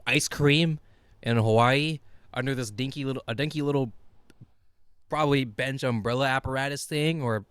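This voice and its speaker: Young dude rambling a story, mid pitch, dry studio sound, keeps laughing. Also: male voice, moderate pace, smooth, no echo. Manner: rambling storyteller, animated and laughing, swears casually. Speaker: podcast co-host. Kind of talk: casual chat. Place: small podcast studio.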